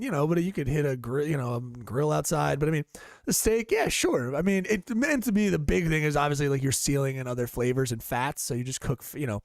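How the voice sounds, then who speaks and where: Gravelly, rambling podcast co-host. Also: male voice, fairly high pitch, dry recording. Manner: profane, rambling storyteller with frequent fillers. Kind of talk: casual podcast chat. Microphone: studio podcast mic.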